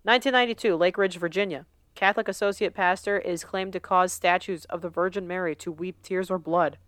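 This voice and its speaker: Casting: woman podcast co-host, smooth and clear, dry close sound, reads a list with casual asides. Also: on the low side, steady tone, fairly quick, a bit bright, dry recording.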